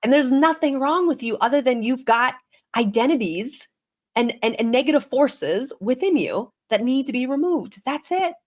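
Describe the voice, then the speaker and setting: Animated woman telling her story. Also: high-pitched, moderate pace. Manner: animated, acts out quoted voices. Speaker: guest, intuitive healer and medium. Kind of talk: casual storytelling in a podcast interview.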